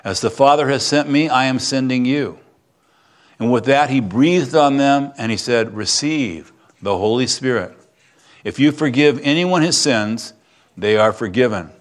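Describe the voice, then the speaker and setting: A middle-aged male pastor preaching in a loose, chatty way, padding his points with fillers. His voice climbs high and loud when he gets excited, then drops low and quiet when he turns gentle. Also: a little slow. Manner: conversational, animated, with frequent fillers and sudden bursts of excitement. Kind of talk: sermon.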